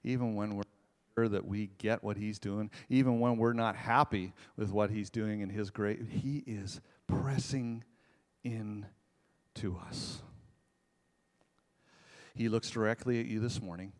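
A man preaching a sermon as pastor, moving between hushed, intimate passages and loud, impassioned stretches, with casual asides and rhetorical questions to the congregation. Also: on the low side, fairly even intonation, measured pace.

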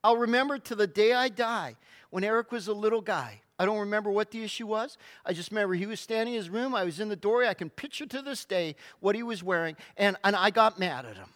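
Preaching a sermon, a middle-aged male pastor with a notably high, slightly bright voice tells his stories dramatically and with animation. He leans on emphatic pauses and short, punchy words.

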